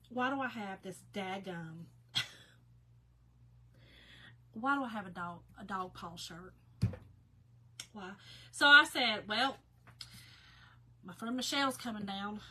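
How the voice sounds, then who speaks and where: A woman's voice: fairly high pitch, sharp tone, husky. A woman, chatting folksily to viewers during a casual craft tutorial and laughing often. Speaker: craft vlogger.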